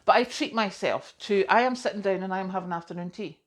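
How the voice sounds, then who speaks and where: A woman's voice: medium pitch, fast. A middle-aged woman, chatting casually to camera as a vlogger, self-deprecating and full of asides.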